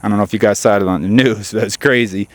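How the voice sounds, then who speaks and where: A man's voice: fairly low pitch, fairly even intonation, quick pace, no room sound. A man hosting a car channel, chatting casually to his viewers while standing outdoors beside his car. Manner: chatty, addresses viewers directly. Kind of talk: casual vlog chat.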